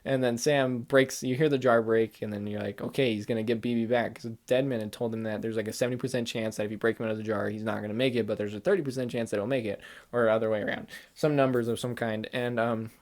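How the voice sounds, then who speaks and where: A man hosting a gaming channel, rambling excitedly through a casual spoiler chat with lots of "like" and "kinda". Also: medium pitch, quick pace. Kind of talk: casual spoiler chat about a video game.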